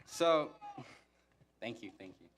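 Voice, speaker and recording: A young man gives a graduation speech from a podium mic in a flat, monotone voice. His humor is dry and self-mocking, and his voice sits at a middle pitch. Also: takes it slowly, a little hiss or hum. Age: young adult. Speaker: valedictorian giving a graduation speech. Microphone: podium microphone.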